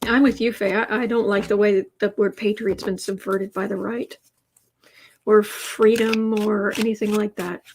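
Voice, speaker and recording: A woman's voice: mid-range voice, little pitch movement, normal speed, a little mellow, a little hiss or hum. A woman hosting a tarot livestream, chatting casually, telling anecdotes and reading out viewer comments. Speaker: tarot reader and livestream host.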